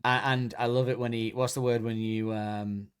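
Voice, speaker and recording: A man's voice: medium pitch, level tone, normal speed, clean tone. A man co-hosting a podcast, chatting casually and rambling, often restarting sentences and searching for words. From Britain. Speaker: podcast co-host. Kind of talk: casual chat.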